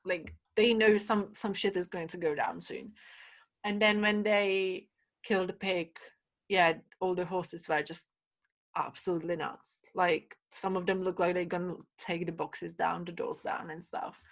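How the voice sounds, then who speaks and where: A woman guest on a podcast, chatting casually and telling animated stories full of fillers and acted-out quotes. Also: fairly low pitch, measured pace. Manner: animated storyteller, many fillers, acts out quotes. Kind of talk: casual chat.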